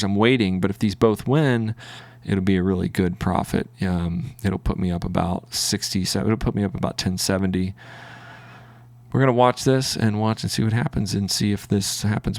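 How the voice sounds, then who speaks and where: Man, Southern US accent, lowish voice, rambling casual commentary, lots of ums, dry close recording. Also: no room sound. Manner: rambling, self-narrating with many fillers. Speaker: trading video host.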